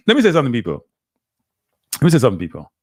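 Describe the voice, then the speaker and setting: A man's voice: mid-range voice, wildly swooping pitch, racing, slightly rough, no echo, studio quality. A man with a Jamaican accent hosting a live stream, talking casually and switching between standard English and patois. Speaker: live show host.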